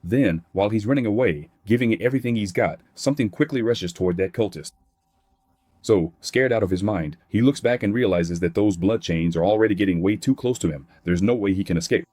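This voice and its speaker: Guy doing a manhwa recap, lowish voice, dry close sound, quotes everyone the same way. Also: a little fast, dark tone, no room sound. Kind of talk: scripted recap narration.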